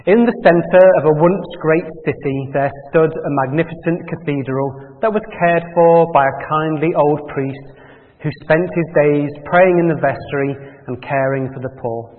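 A man reading a parable aloud in a measured storytelling way, then asking quiet reflective questions. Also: on the high side. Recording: tinny phone-like sound in a reverberant hall.

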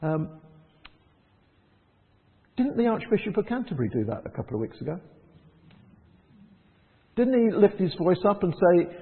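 A man preaching a conversational sermon in church, lively and chuckling, dropping to soft prayerful tones. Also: high voice, moderate pace, pauses often, long reverb tail, phone-quality sound.

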